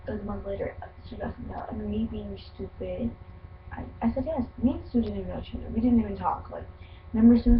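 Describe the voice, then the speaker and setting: Rambling teen girl telling her story. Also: medium pitch. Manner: rambling, filler-heavy, slangy. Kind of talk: personal storytelling to camera. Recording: dull lo-fi recording with faint hum.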